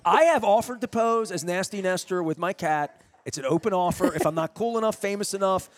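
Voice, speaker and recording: A man's voice: sits high, a little fast. A middle-aged man hosting a radio interview in a restaurant, telling a long story in a loose, rambling way with many restarts. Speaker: radio host. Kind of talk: casual interview chat.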